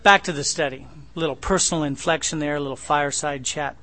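A man's voice: a little high, steady tone, a little fast, bright, forceful tone. A middle-aged man, a pastor, teaching through a Bible passage verse by verse in a folksy, conversational way, tossing rhetorical questions to his listeners.

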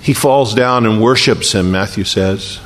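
A man preaching a sermon and telling the story with feeling, often dropping to a slow, quiet hush for emphasis. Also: fairly low pitch. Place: church sanctuary. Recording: long reverb of a large hall.

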